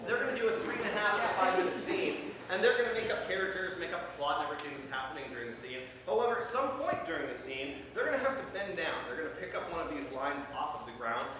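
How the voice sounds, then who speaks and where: A man's voice: on the high side, expressive, fast, hardly any pauses. A man hosting a live improv comedy show, upbeat, explaining the game and repeating lines the audience calls out. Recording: echoey hall, far from mic, noisy.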